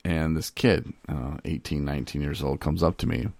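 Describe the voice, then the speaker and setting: A man hosting a podcast, telling a story in a rambling, animated way and laughing often. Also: extremely low pitch, moderate pace, gravelly, dry recording, studio quality. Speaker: podcast host. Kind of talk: casual storytelling.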